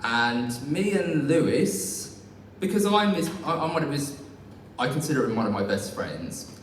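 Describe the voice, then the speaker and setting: A man's voice: fairly high pitch, big pitch swings, a little slow. A young man doing a live stand-up set, rambling and self-deprecating with many fillers and restarts. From England. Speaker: stand-up comedian. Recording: far-off echoey hall recording, faint noise.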